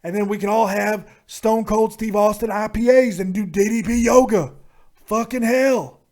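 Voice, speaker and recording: A man doing a loud cursing wrestler bluster. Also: sits high, steady tone, normal speed, close to an everyday voice. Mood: blustery. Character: loud brash Texan wrestler impression, man.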